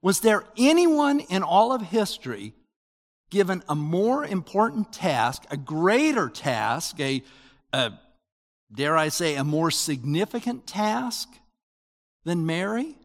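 An older man giving a sermon as pastor, in a conversational, animated preaching manner with rising emphasis. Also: sits high, slow, in a large hall.

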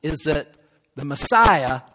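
A man preaching a sermon, lively and emphatic, acting out quoted lines as he teaches. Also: fairly high pitch, takes it slowly. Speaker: pastor. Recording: long hall reverb, faint noise.

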